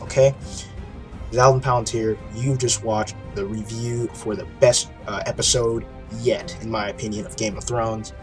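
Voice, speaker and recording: Casting note: lower-voiced man, animated fan reviewer, profane and excitable, faint music underneath. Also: normal speed. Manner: excited, profane storytelling with frequent restarts. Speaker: TV episode reviewer. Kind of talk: casual video review.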